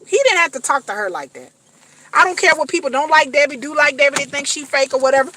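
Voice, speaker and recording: Bright-voiced woman ranting profanely. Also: sits high, animated, fast, a little hiss or hum. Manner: profane, emphatic, repetitive. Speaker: reality TV commentator. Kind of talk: casual ranting commentary.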